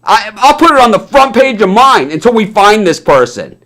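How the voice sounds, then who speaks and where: A man's voice: high voice, sing-song, normal speed, a bit bright. A man from the American South hosting a sports news stream, ranting live in a heated, blunt way, swearing often and ending lines with "man". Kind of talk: live impassioned rant.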